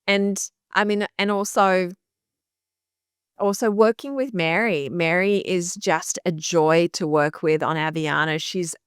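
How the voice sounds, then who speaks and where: A woman in her fifties speaks as a guest on a podcast, her voice clear and smooth. She tells stories with warm animation and laughs easily. The recording is close-miked and dry. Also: on the low side, unhurried, no room sound. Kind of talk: interview conversation.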